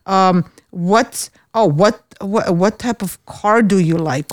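A woman from Austria telling dating stories in casual chat, blunt and animated, swearing freely. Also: mid-range voice, slow, few pauses, no room sound, studio quality.

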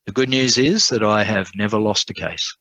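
A man voicing a gentle patient lawyer. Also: lowish voice, no echo, low-quality recording. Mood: calm. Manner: soft-spoken, measured. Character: calm kind male lawyer, gentle and patient.

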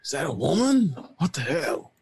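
A man's voice: on the high side, very animated, normal speed, vocal fry, slightly rough, dry recording. A man joking around while commenting on a video game with a friend. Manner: joking, reacting loudly, slips into silly voices. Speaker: gameplay commentator. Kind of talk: casual gameplay commentary.

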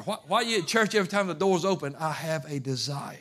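A man pastor preaching a fervent sermon, moving from quiet asides to shouting. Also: fairly high pitch, animated, fast talker, hardly any pauses. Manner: fervent, swings from hushed to shouting.

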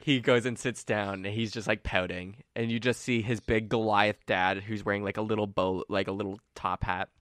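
A man's voice: on the low side, steady tone, moderate pace, few pauses, fairly bright tone, dry recording, studio quality. Casual male game master. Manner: casual, chatty narration with fillers. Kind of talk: narrating a tabletop game.

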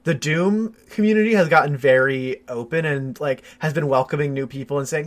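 A young man co-hosting a podcast, explaining his views in an easygoing way with many fillers. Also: fairly high pitch. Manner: measured, explanatory, hedging with fillers. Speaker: podcast co-host. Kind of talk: casual chat.

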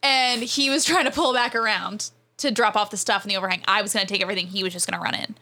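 A young woman telling a story in a casual chat, with animated delivery and many "like" fillers. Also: mid-range voice. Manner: animated, fast, frequent "like" fillers, laughing as she tells it.

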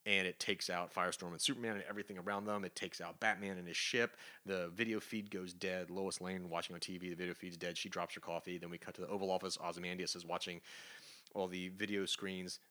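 A man co-hosting a comics podcast, recapping a story in a casual, animated way and acting out the characters' lines. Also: deep voice, fast talker. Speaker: podcast co-host. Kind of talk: casual comic review chat.

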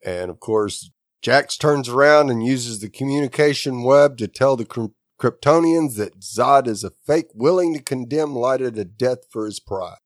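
Male podcast co-host, steady recap voice, dry close recording. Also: mid-range voice, normal speed, no echo. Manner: steady plot summary with short agreeing replies. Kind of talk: casual chat.

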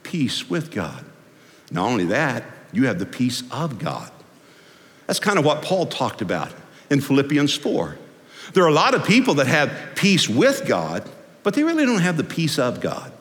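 A man preaching a sermon as pastor, folksy and animated, swinging from loud to hushed. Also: medium pitch, moderate pace. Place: church sanctuary. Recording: long hall reverb.

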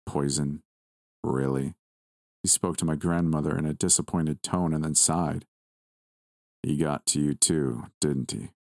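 Man doing a slow sneering demon guy, deep and cold, audio-story villain. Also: fairly even intonation, gravelly, darkish tone, no echo, studio quality. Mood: disappointed. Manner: slow, low, contemptuous delivery. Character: menacing ancient male demon, cold and disdainful.

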